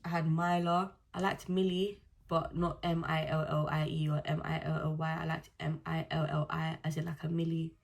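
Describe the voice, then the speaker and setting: A woman's voice: low voice, level tone, moderate pace, creaky, hardly any pauses. A young woman answering viewer questions in a candid, chatty vlog full of blunt slang. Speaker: vlogger. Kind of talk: casual Q&A vlog.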